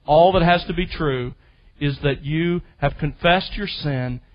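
A man preaching a teaching sermon, emphatic and teacherly, slowing down to stress key phrases. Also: on the high side, lo-fi sound. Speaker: pastor. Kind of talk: expository sermon.

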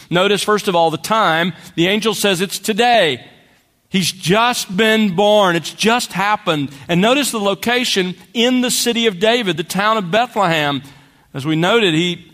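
Male pastor with a high voice, preaching in a church sanctuary with a long echo. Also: fairly bright tone. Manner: measured preaching, slows for scripture quotes. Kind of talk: sermon.

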